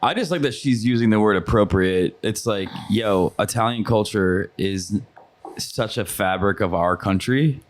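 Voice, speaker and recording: A man's voice: on the low side, a little slow, a little hiss or hum. A man on a podcast chatting casually and dropping dry, teasing quips. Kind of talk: casual chat.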